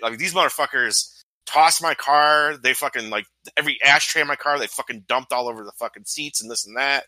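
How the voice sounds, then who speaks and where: Guy cussing a ton through a heated story, super sharp bright voice, dry close sound. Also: mid-range voice, a little fast, dry recording, low-quality recording. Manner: heavy swearing, heated storytelling. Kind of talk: casual chat.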